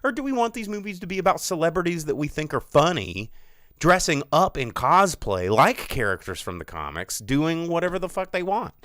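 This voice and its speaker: Smooth-voiced sarcastic male podcast host. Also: fairly high pitch, a little fast, no room sound, studio quality. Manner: animated, sarcastic, puts on mocking voices. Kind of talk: casual film chat. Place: studio.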